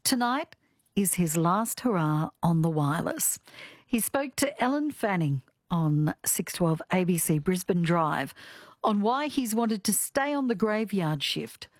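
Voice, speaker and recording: A woman's voice: on the low side, expressive, measured pace, no echo. Australian woman talkback host, chatty and playful, dry studio sound. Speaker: radio host. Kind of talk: casual talkback radio. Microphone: studio microphone.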